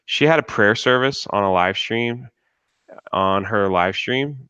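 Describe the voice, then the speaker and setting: A man's voice: on the low side, a little slow, pushed and bright, smooth, no echo, dull audio. A man speaking as a guest on a livestream, talking earnestly and casually with many fillers. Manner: earnest, filler-heavy, uses "like" often.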